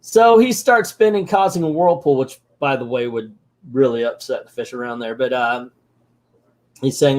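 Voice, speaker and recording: A man's voice: medium pitch, moderate pace, darkish tone. A man casually recapping a cartoon episode as a channel host, with sarcastic, joking asides.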